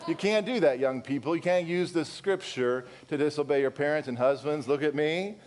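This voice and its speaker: Male pastor, sermon, high voice, rhetorical questions, candid asides to the congregation. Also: moderate pace, darkish tone. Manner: emphatic, full of rhetorical questions.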